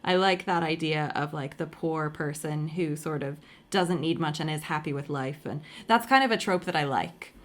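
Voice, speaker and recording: A woman's voice: deep voice, moderate pace, few pauses. A woman co-hosting a podcast, talking in an easygoing, thoughtful and agreeable way. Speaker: podcast co-host. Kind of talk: casual chat.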